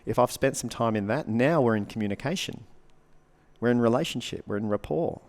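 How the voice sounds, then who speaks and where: A man's voice: medium pitch, fairly quick. A man, a coach and speaker, talking casually on a podcast. He swears freely and acts out the reactions he describes.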